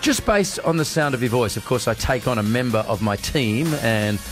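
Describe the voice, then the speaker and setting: Male radio host, lively playful banter, competitive, animated, faint music behind. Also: mid-range voice, moderate pace.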